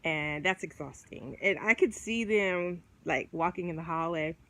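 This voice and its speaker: A woman's voice: on the low side, measured pace, fairly bright tone, rough recording. A woman vlogging in a casual chat to camera, rambling and filling her talk with fillers and restarts.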